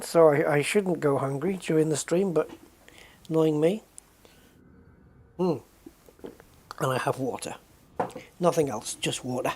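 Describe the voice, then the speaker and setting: A British man chats casually on his game livestream with a warm, mellow tone. He rambles and muses, greeting viewers by name and often correcting himself mid-thought. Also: fairly high pitch. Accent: British English. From United Kingdom.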